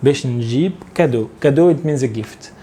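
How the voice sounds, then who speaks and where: A man leads a casual language lesson in a warm, mellow voice. He talks in a relaxed, halting way, full of fillers and light chuckles. Faint noise sits under the recording. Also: mid-range voice. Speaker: Tunisian Arabic teacher.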